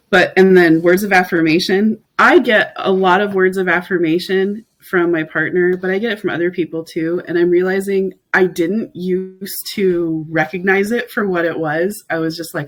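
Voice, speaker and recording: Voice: mid-range voice, steady tone, moderate pace, hardly any pauses, fairly bright tone, rough recording. Candid speaker chatting on a podcast. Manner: reflective, candid, filler-heavy with frequent "like". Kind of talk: casual conversational chat.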